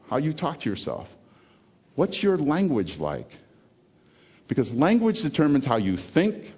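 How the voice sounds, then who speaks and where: Animated male keynote speaker. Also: medium pitch, breathy edge. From American South. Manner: emphatic, repeats key phrases, swings between loud and hushed. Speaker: motivational speaker. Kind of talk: TEDx keynote talk.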